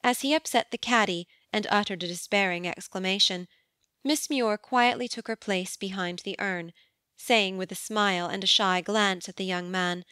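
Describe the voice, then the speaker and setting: Crisp, dry-voiced woman narrating a story. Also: medium pitch, no room sound. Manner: even, measured storytelling. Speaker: audiobook narrator. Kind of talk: scripted narration. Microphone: studio microphone.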